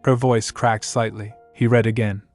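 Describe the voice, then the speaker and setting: A man's voice: little pitch movement, moderate pace, darkish tone, faint music behind. A man narrating a story recap in scripted style, raising his voice a little for the characters' lines. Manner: reads every part in one voice, lifting pitch for dialogue.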